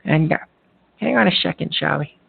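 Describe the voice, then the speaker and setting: A man's voice: on the high side, normal speed, creaky, husky. A man hosting a call-in show from a hospital room while in pain from a back injury, rambling and irritable, swearing and stumbling over fillers. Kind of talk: call-in radio talk. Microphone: phone line. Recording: tinny phone line.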